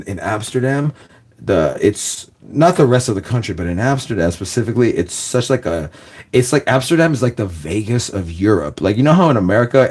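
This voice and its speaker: A man's voice: fairly low pitch, darkish tone. A young man telling a long, rambling story in a loose, casual way, full of "like" and "guys" and bursts of laughter.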